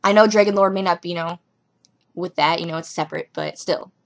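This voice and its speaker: A young woman casually reviewing a TV episode at home, rambling and giggling through animated asides. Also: lowish voice, brisk, creaky.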